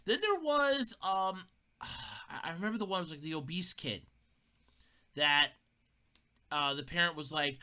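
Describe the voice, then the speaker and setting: Woman podcast host, casual comedic monologue, bright voice and lively swings in pitch. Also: moderate pace, pauses often, smooth. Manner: animated, sarcastic, laughs often.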